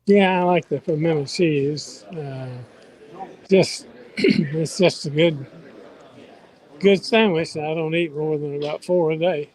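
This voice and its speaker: Older man, Southern accent, slightly high voice, folksy, unhurried, radio guest. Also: fairly even intonation, a little mellow, rough recording. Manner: folksy, unhurried, self-deprecating. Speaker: guest golf reporter. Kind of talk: phone-in radio chat.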